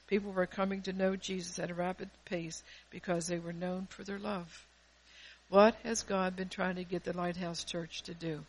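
A woman pastor delivering a fervent sermon, swelling loud and dropping soft, often restarting her phrases. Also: lowish voice, flat delivery, moderate pace, rough recording.

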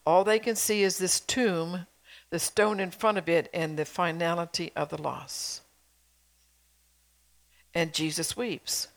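A middle-aged woman preaches a sermon in a somewhat low voice. She presses her congregation with earnest exhortations and rhetorical questions, like a pastor urging her flock.

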